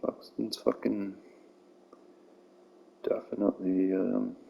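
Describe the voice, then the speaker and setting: A man's voice: on the low side, level tone, slow, gravelly, highs cut off, a little hiss or hum. A man giving casual, profane commentary while playing a baseball video game, ranting and getting heated over calls.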